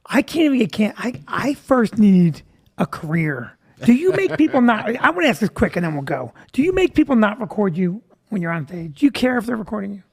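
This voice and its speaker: A man's voice: high-pitched, very animated, fairly quick, creaky, darkish tone, husky. A middle-aged man hosting a chat show as a comedian, telling stories in a joking, self-deprecating way. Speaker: comedian and host.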